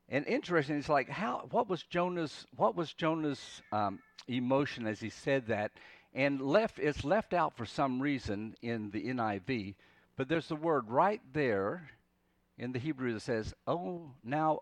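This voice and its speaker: A man's voice: medium pitch, lively intonation, unhurried, no room sound. Preacher man, dry close sound. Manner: conversational preaching, dramatic dips to soft pleading when quoting. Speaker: pastor. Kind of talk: sermon.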